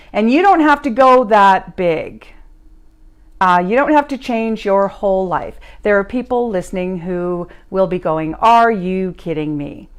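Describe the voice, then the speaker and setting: A woman hosting a motivational live stream who tells personal stories and repeats her key phrases for emphasis. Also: mid-range voice. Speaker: podcast host and life coach. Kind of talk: motivational talk, storytelling. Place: live stream recorded at home.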